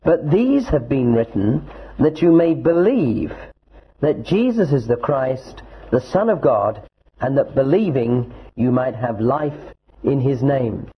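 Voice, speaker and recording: A man teaching a Bible passage as a lecture, reading verses slowly and explaining them with asides. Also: mid-range voice, very animated, breathy edge. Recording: dull lo-fi recording.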